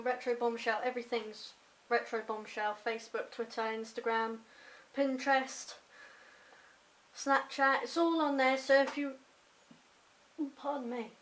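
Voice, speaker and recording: Young English vlogger, Hampshire-born with a slight London twang, chatty, bright and a touch high, faint hiss behind. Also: female voice, rough recording. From Hampshire, England. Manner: chatty, rambling, self-mocking asides. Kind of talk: casual daily vlog. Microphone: compact camera mic.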